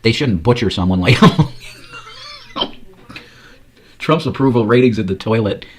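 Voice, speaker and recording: A man's voice: medium pitch, wildly swooping pitch, takes it slowly. A man giving casual, profane commentary on news clips, ranting and rambling. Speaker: commentary streamer.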